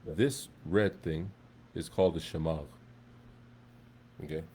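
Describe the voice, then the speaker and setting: A man teaching an Arabic class in a relaxed, conversational way, often checking in with his students. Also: sits low, slow, slight background noise. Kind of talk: live classroom lesson.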